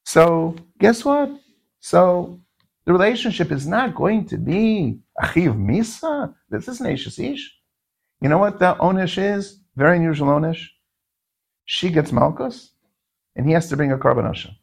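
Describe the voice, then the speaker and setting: Gravelly, lively man teaching Talmud. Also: on the high side, moderate pace. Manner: questioning, sing-song, frequent "no?" asides. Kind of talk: Talmudic lecture.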